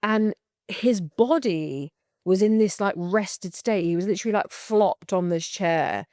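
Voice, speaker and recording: A young woman with a British accent hosting a candid solo podcast, swearing freely and talking in an animated way with bursts of laughter. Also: medium pitch, a little slow, dry recording, clean studio sound. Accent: British English. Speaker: podcast host.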